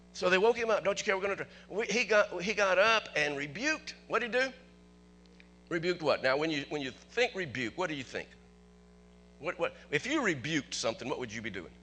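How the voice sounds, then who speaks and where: A man preaching a sermon as pastor, animated, asking the congregation questions and chuckling often. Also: fairly high pitch, normal speed.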